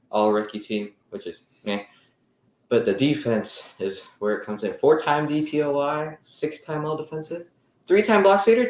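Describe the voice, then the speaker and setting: Young male podcast host, echoey room. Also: medium pitch. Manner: energetic, runs the segments, lets out loud whoops. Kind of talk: casual sports podcast chat.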